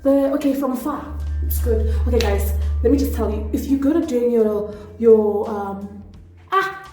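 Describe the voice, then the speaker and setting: A woman from South Africa hams up a Nigerian accent as she talks through a makeup tutorial, chatty and quick to poke fun at herself. Her voice sits a little high but stays mellow and warm. It is recorded in an echoey room with faint music underneath. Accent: put-on Nigerian. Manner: chatty, excitable, self-deprecating. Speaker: beauty vlogger.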